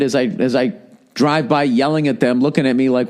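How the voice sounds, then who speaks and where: Man, podcast host, solo monologue, swearing, exasperated, rambling, restarting his sentences, mid-pitched voice. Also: steady tone, a little fast, a little mellow. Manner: profane, exasperated rambling with frequent self-interruptions; slips into mocking put-on voices.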